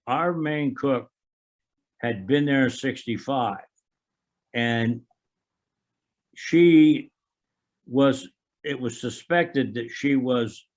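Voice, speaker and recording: A man's voice: medium pitch, lo-fi sound. An older man, a Special Forces veteran, recounting anecdotes in an oral history, quoting others with frequent chuckles.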